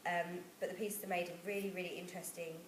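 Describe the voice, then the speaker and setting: A woman with a rather low voice presents to her class and pauses often on fillers. The room is echoey, with a faint hiss behind her. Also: little pitch movement. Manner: hesitant, with many fillers. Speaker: student presenter.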